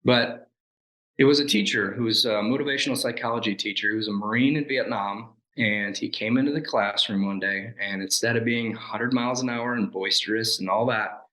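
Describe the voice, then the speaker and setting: A man's voice: lowish voice, a little fast, reverberant, poor audio. A man in his forties, a guest and former Navy SEAL, telling his life story in an interview and acting out the lines people said to him. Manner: animated storyteller who acts out quoted lines and laughs at himself.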